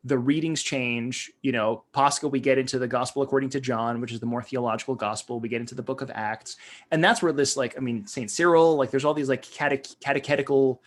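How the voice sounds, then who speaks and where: Casting: American man, podcast co-host, mid pitch, loose rambling delivery full of restarts. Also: steady tone, fairly quick. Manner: rambling, many fillers and restarts. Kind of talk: casual discussion.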